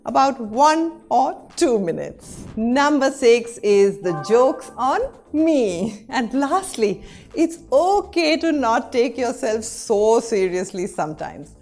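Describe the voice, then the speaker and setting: A woman hosting a scripted explainer, bright and expressive. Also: a little high, slow, soft background music. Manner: bright, clear, expressive delivery. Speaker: host.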